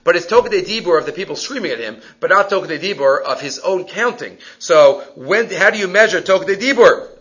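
A man leads a Talmud class, quickly citing sources and asking rhetorical questions. His voice sits a little high. The recording sounds dull and lo-fi. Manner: animated, quick Hebrew-Aramaic citations, rhetorical questions. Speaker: Talmud teacher.

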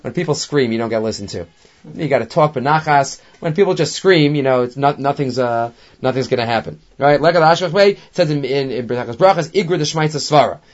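A man teaching a Talmud class, animated, with many rhetorical questions. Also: medium pitch, fairly quick. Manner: animated, mixes Hebrew and Aramaic terms, rhetorical questions. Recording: dull lo-fi recording.

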